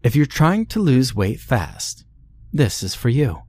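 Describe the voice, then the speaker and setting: A man's voice: mid-range voice, sing-song, slow pace, dark tone, breathy edge, voice pushed up, exaggerated voice. A man voicing an upbeat woman giving a fitness infomercial testimonial. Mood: eager. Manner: testimonial, eager.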